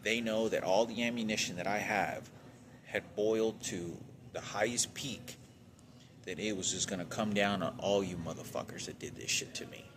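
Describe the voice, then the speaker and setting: Agitated man from Texas, rambling venting monologue, deep voice, over noisy ambience. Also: fairly even intonation, normal speed. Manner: agitated, rambling, heavy swearing, trailing off.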